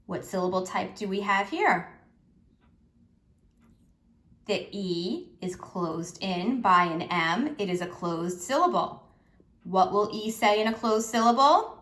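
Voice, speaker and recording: A woman teacher giving a slow, patient phonics lesson to children, asking them questions as she goes. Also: medium pitch, expressive, fairly bright tone.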